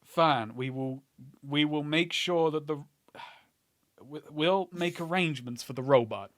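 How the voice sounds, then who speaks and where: A curt, exasperated dealmaker from a tabletop game, voiced by a man, lecturing with dry sarcasm. The voice sits a little high for a man and stays fairly even. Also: slow pace, no room sound.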